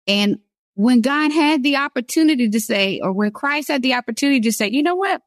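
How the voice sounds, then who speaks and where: A woman's voice: fairly high pitch, brisk, dry recording, clean studio sound. A woman giving an earnest devotional sermon, stressing key phrases by repeating them. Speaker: women's devotional speaker.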